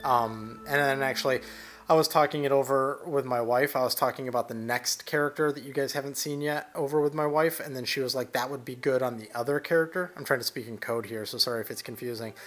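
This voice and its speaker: A man's voice: mid-range voice, quick pace, faint music behind. Rambling young man narrating his artwork. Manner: rambling, relaxed, lots of fillers and restarts. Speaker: digital artist narrating a painting demo. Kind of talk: casual voice-over commentary.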